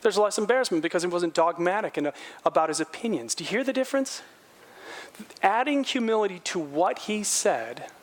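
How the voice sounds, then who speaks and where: During his sermon, a middle-aged pastor stays animated, voicing quotes loudly and softening to a low, quiet delivery on his earnest points.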